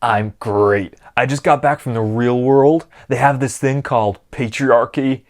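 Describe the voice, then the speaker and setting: A man's voice: medium pitch, fairly even intonation, unhurried, natural voice. A man voicing a smug, laid-back doll boyfriend who chuckles as he talks.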